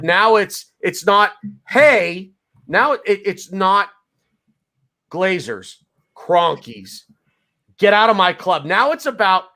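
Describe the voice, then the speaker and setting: A man's voice: sits high, bright, forceful tone. An American man hosting a podcast, worked up and swearing, repeating phrases and talking over the others. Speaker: podcast host. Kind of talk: heated podcast rant.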